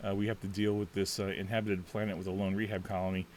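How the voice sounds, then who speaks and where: Brief: deep-voiced man, chatty and rambling, narrating his solo tabletop play; faint hiss underneath. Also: flat delivery, quick pace. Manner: rambling, chatty, thinks out loud with many fillers. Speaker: solo tabletop game player. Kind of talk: casual thinking-aloud game walkthrough.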